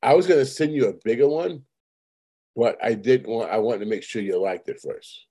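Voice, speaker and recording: A man's voice: mid-range voice, moderate pace, mellow, breathy edge. A man telling rambling, profane stories in casual conversation as host. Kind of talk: casual chat.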